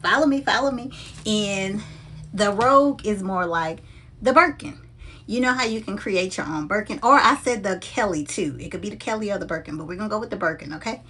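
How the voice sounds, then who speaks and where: A woman's voice: mid-range voice, fairly quick, slightly rough. Chatty woman vlogging about handbags. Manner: chatty and animated, talks straight to her viewers. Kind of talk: casual unboxing chat to viewers.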